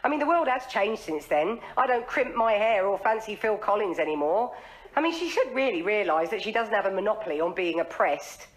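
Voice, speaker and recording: An actress playing an earnest, anxious middle-aged wife, speaking in a fretful, self-deprecating sitcom manner. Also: female voice, mid-range voice, animated, fairly quick, natural voice. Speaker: wife and daughter. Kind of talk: sitcom acting.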